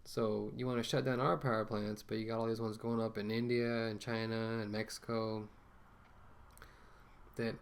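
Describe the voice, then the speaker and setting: A man's voice: fairly low pitch, little pitch movement, normal speed, gravelly, clean tone. A man ranting casually to camera as a vlogger, rambling with many fillers and restarts, talking through a mask.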